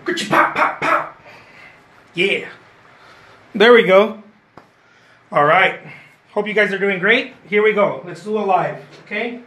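Guy with a highish voice chatting thru a painting demo, keeps saying okay, echoey studio. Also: measured pace, long pauses, sharp tone. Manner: chatty, encouraging, repeats phrases, says "okay?" often. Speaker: painter giving a live demo. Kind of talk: live painting lesson. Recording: roomy echo.

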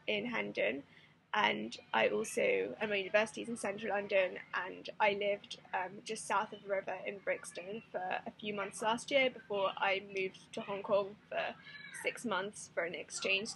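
Gravelly-voiced woman in her twenties. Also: medium pitch, fairly bright tone, a little hiss or hum, rough recording. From Israel. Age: 20s. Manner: casual, hesitant with frequent ums. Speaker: casting applicant. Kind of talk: self-introduction to camera.

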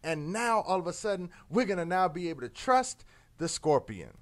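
A man telling a fable in an animated, conversational way during a discussion show. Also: high voice, moderate pace. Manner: animated, conversational, with filler words. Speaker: panel guest. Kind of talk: storytelling in a discussion.

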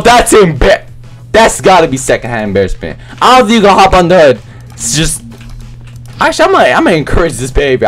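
A young man talks over his gameplay in a slangy, rambling stream of trash talk, his voice jumping between low mutters and high excited yelps. His pitch sits a little high for a man, with faint music playing underneath. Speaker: gaming YouTuber. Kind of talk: live gameplay commentary.

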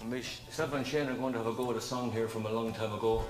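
A man's voice: mid-range voice, steady tone, fast talker. Man on a roomy archive music clip. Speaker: singer introducing a song. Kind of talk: onstage chat from an archive clip.

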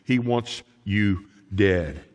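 Male pastor, folksy and animated sermon delivery, pitch all over the place, church hall reverb. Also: very slow. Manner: animated, folksy preaching with asides to the congregation. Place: church sanctuary.

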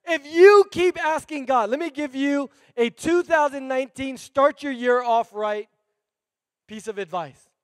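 A male pastor preaching a sermon in a church, animated and conversational, calling out to the congregation. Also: very high voice, measured pace, no echo, clean studio sound.

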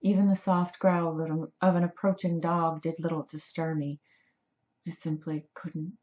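A woman reading her own story aloud in a measured, dramatic storytelling manner. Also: low-pitched, flat delivery, a little mellow, reverberant, lo-fi sound. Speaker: author reading her book. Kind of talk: audiobook narration.

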